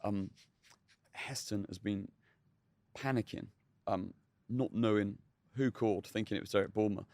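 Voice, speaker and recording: A man's voice: fairly low pitch, unhurried, pauses often, darkish tone, no room sound. A man, a chef telling kitchen stories in a casual interview, chatty with many fillers and restarts. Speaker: chef, podcast guest. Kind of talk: casual storytelling.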